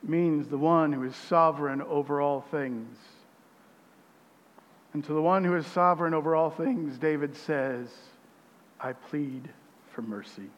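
A man preaching a sermon as pastor, reading scripture with emphasis, his voice swelling loud and then dropping quiet. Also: on the high side, fairly even intonation, unhurried, big-room sound, dull audio.

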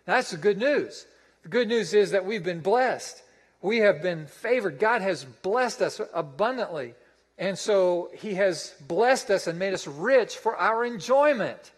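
Pastor guy giving a sermon, kinda high voice, keeps restating stuff for emphasis. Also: expressive, measured pace, in a large hall, rough recording. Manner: emphatic, restates and repeats phrases for effect.

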